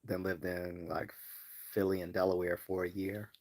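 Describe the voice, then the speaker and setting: Man, very low voice, from Baltimore, livestream host, rambling chat with fillers. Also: little pitch movement, moderate pace, darkish tone. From Baltimore, US East Coast. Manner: rambling, many fillers and restarts, laughs easily. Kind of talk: casual live-stream chat.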